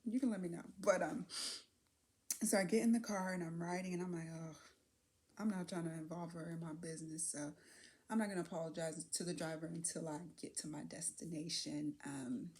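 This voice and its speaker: A woman speaks to her camera in a candid, reflective vlog. Her voice sits a little low, and she muses aloud, often pausing on fillers and laughing softly as she works through her thoughts. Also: fairly even intonation. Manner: candid, musing, with soft laughs and trailing fillers. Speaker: vlogger.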